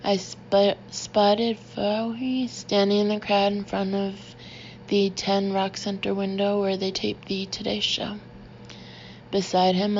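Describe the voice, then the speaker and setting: A woman narrating in a flat, steady voice. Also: mid-range voice, unhurried, gravelly, lo-fi sound, slight background noise. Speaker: audiobook narrator. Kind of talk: first-person scripted narration.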